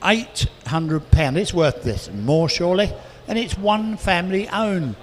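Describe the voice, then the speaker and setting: Male auctioneer, fairly high voice, rattles off bids with chatty asides, reverberant hall with faint background noise. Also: expressive. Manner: rapid bid calling with chatty asides. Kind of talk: live auction calling.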